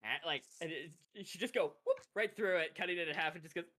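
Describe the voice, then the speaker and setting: A man's voice: on the high side, fast talker, fairly bright tone. A man running a tabletop game as game master, narrating casually with chuckles and hesitant fillers.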